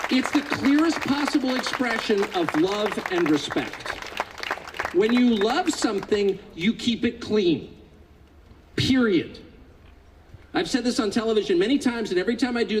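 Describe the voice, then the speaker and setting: Californian man, 50s, high-pitched and animated, sarcastic political speaker on stage. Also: slight background noise, rough recording. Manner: sarcastic, mocking, builds to indignant outbursts. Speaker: public speaker. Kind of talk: political speech to a live audience.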